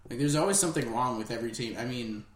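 A man co-hosting a podcast in a casual chat, relaxed and hesitant, with many fillers. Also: medium pitch, rapid-fire. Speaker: podcast co-host. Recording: echoey room.

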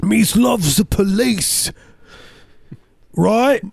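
A man's voice: lively intonation, very fast, warm tone, no echo, clean studio sound, natural voice. A man doing a mocking impression of a man with a fake Cockney accent. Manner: exaggerated high mocking put-on voice.

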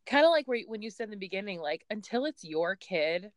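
A woman hosts a relaxed conversation, agreeing readily and speaking in a warm way. Her voice sits in an ordinary middle pitch. It is recorded close and dry. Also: a little fast, no echo. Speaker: host. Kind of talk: casual conversation.

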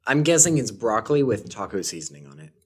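A man's voice: lowish voice, very animated, quick pace, slightly rough. A man in casual podcast chat, dropping dry joking asides.

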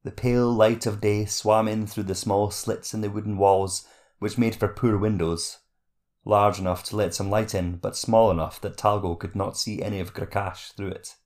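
Narrating a fantasy novel, a man reads aloud in a slightly low, gravelly voice. His delivery is steady and measured, with even pacing.

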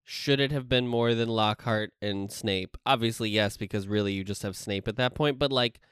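A man co-hosting a podcast, chatting in a lively, jokey way and swearing casually. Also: on the low side, normal speed, smooth, dry recording, clean studio sound. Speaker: podcast co-host. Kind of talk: casual chat.

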